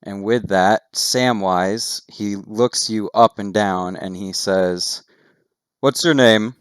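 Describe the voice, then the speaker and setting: A man narrating a tabletop game as game master, with steady descriptive narration and casual asides. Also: lowish voice, takes it slowly, smooth, no room sound, clean studio sound.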